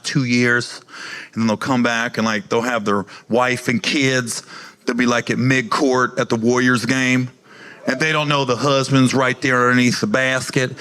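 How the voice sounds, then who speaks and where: A man doing stand-up comedy, telling profane, animated stories and acting out the people in them. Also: medium pitch. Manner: animated, profane, acts out characters in quotes.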